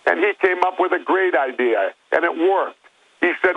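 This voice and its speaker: A man's voice: fairly high pitch, lively intonation, normal speed. An older man, a guest calling in, telling stories and arguing bluntly in a phone interview. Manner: blunt, storytelling. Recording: tinny phone line.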